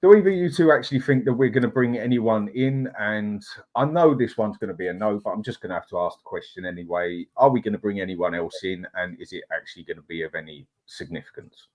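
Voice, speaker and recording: A man's voice: fairly low pitch, fast talker, hardly any pauses, a little mellow. A man with a London accent, co-hosting a casual football podcast and telling blokey, sweary anecdotes. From London, England. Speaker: podcast co-host.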